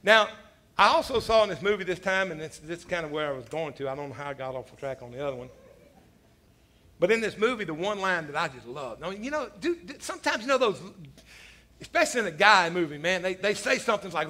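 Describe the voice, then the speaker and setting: High, bright-voiced man preaching. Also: fast talker. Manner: animated storytelling, peppered with "man" and "you know"; self-deprecating humor, laughs at his own stories. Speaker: pastor. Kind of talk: sermon.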